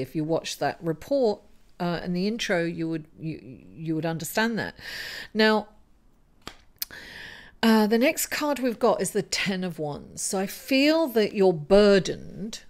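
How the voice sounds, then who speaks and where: A woman giving a weekly tarot reading to camera, encouraging and musing, who keeps calling the listener darling. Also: medium pitch. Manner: musing, thinking aloud with fillers and restarts. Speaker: tarot reader.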